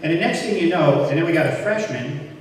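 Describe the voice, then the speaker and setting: A man's voice: on the high side, expressive, fast, slight background noise. An older man giving a self-deprecating, anecdote-filled speech at an awards event, acting out old conversations as he goes. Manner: anecdotal, self-deprecating, quoting others in dialogue. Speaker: hall of fame inductee speaker. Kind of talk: storytelling speech. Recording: echoey hall from far off.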